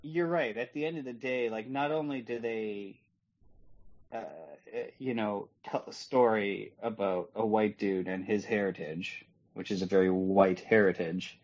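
Casting: male co-host, unhurried halting delivery, muffled lo-fi recording. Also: lowish voice, fairly even intonation, a little mellow. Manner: slow, hesitant, full of restarts. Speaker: podcast co-host. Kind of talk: casual movie review chat.

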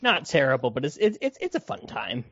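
A man's voice: medium pitch, huge pitch swings, fairly quick, gravelly, pushed and bright, slightly rough, no room sound. Casting: male podcast co-host, casual joking movie chat, dull dry close sound. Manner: joking, slips into quoted character voices.

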